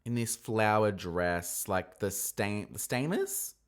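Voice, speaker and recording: A man hosting a casual review podcast, talking in a gossipy, animated way with sudden excited squeals. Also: fairly low pitch, takes it slowly. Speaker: podcast host reviewing a drag competition.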